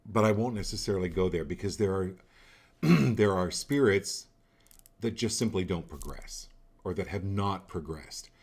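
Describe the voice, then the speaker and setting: A man's voice: low-pitched, normal speed, a little mellow, husky. A man hosting a live card-reading show, speaking directly and coaching each viewer, often repeating phrases for emphasis.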